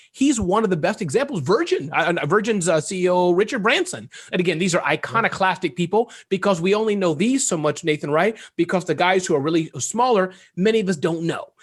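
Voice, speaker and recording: A man being interviewed as a guest entrepreneur, talking fast and animated and joking as he goes. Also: high voice, breathy edge. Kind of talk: casual interview talk.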